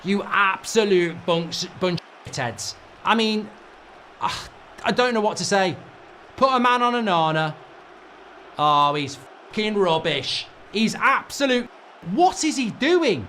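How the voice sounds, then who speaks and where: A man's voice: high-pitched, expressive, slow pace, long pauses, sharp tone, slight background noise. A middle-aged man hosting a football fan channel, ranting and swearing through live match reaction commentary.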